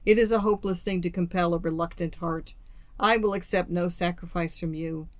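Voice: mid-range voice, fairly even intonation, a little fast, no room sound, natural voice. A storyteller reading the lines of a young woman in a storybook, tearful and resigned, spoken mournfully. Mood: grave.

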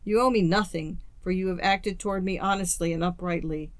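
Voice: medium pitch, fairly even intonation, fairly quick, no room sound, lightly acted. A storyteller reading the lines of a young woman in a storybook, tearful and resigned, spoken mournfully. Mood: grave.

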